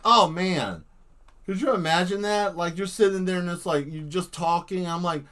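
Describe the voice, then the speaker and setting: Male live-stream artist, slightly high voice, rambling and animated, casual chat while drawing. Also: moderate pace. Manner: rambling, animated storytelling that jumps into silly voices. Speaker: livestream artist.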